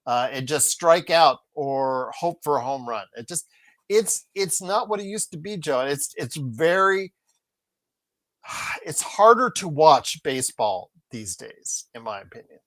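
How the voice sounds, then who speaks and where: Animated, exasperated woman on a podcast. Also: low voice, a little slow. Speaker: podcast co-host. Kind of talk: casual sports podcast chat.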